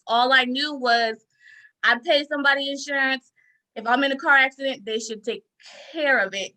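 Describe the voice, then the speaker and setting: A woman insurance broker, a podcast guest, talking casually and telling stories with lively emphasis. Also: high-pitched, moderate pace, poor audio. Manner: animated storyteller, acts out quoted lines with emphasis. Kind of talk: casual interview talk.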